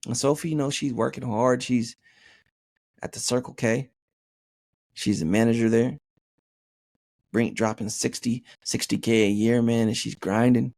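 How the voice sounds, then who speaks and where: Man, podcast host, gravelly voice, dry close sound, jokey and profane, says "man" a lot. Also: medium pitch, fairly even intonation, unhurried, long pauses, darkish tone, dry recording. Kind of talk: casual podcast monologue reading a listener email.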